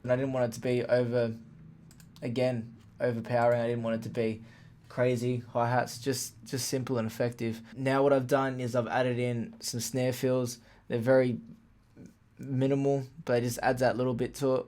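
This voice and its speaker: A man casually walking through how he built a hip hop track, plain-spoken and relaxed, with fillers like "like" and "literally". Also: medium pitch, normal speed. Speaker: music producer explaining a beat. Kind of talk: casual tutorial walkthrough. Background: faint playback of his beat.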